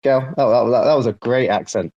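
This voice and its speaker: A man's voice: mid-range voice, fairly quick, darkish tone, muffled recording. A British man chatting casually in an online panel, teasing the others, swearing freely and laughing often. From Britain. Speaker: panel guest. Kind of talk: casual chat.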